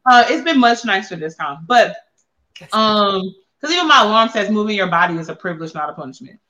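A woman's voice: mid-range voice, animated, a little fast, pushed and bright, lo-fi sound. A woman hosting a casual chat, blunt and playful, with lots of salty slang. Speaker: podcast host and wellness coach.

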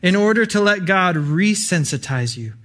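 A man's voice: sits high, expressive, normal speed, a bit bright. A young adult man preaching an earnest, conversational sermon with frequent fillers.

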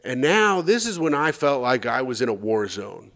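A man's voice: mid-range voice, big pitch swings, moderate pace, fairly bright tone. A man co-hosting a comedy podcast, telling a long rambling anecdote and acting out the voices in it. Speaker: podcast co-host. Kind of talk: crude comedic storytelling.

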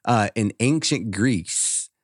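A man's voice: on the low side, expressive, slow, no room sound, studio quality. A man chatting casually with friends, reading out trivia in a laid-back way with lots of filler words and some swearing. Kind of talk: casual chat.

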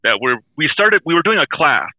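Man, podcast co-host, blunt, rambling, slightly high voice, tinny phone-like sound. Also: big pitch swings, fairly quick, dry recording. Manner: blunt, rambling, self-deprecating. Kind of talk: casual podcast chat.

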